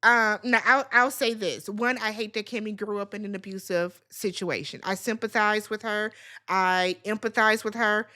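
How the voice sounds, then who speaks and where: A woman's voice: medium pitch, fairly even intonation, normal speed, bright, forceful tone. A woman hosting a reality TV recap, talking casually and bluntly, swearing freely as she gives her opinions.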